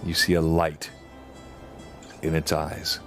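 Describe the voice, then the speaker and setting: A man's voice: extremely low pitch, completely flat delivery, takes it slowly, music in the background. A man running a tabletop game on a live stream, narrating scenes and thanking viewers and players. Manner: thanks chat and players, laughs easily. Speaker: game master.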